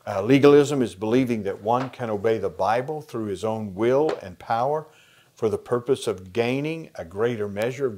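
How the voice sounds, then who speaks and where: A man with an American accent explaining a Bible passage in a conversational lesson, pausing with fillers. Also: medium pitch, a little mellow. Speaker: Bible study teacher. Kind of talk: teaching a lesson plan.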